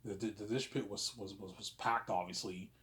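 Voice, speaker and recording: A man in his thirties rambling through a personal monologue, stammering and repeating himself, dropping to a mutter and then rising to loud outbursts. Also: fairly even intonation, normal speed. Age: 30s. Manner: repetitive, stammering restarts, frequent "obviously"; swings between low muttering and loud outbursts. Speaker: vlogger.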